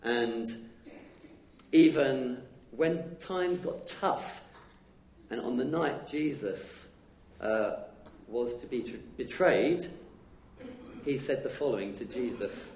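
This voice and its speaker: A man's voice: medium pitch, a little mellow. A man giving an informal, conversational sermon at a church, chatting with the congregation. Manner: conversational, chatty, acts out quick dialogue. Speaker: lay preacher. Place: church hall. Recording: echoey church room with faint noise.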